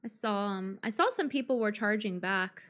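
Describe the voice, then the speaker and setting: A woman's voice: mid-range voice, lively intonation, moderate pace, fairly bright tone. A woman streamer ranting on a live stream in a combative, profane way, full of fillers and restarts. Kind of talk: live-stream reaction rant.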